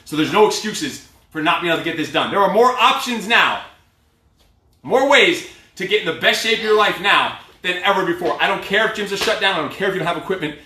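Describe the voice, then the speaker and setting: Loud, pushy male fitness coach, echoey room. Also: high voice, lively intonation, a little fast. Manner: loud, pushy, profane motivator. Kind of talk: live workout cueing and pep talk. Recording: echoey room, mic at a distance.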